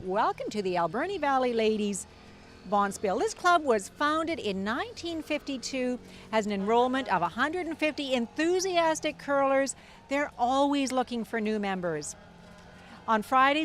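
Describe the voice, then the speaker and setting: A woman giving lively live commentary at an outdoor street parade, exclaiming at what passes by. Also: a little high. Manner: enthusiastic, exclaiming. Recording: music playing behind.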